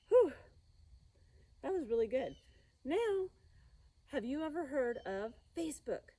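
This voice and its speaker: A woman's voice: sits high, warm tone. A woman teaching a children's yoga class, giving upbeat, encouraging instructions in a sing-song way.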